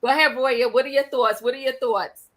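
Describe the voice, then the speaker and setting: Woman, host, casual chat, slightly high voice, easygoing. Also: fairly quick. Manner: relaxed, chatty, moves the panel along. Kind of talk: casual online chat show.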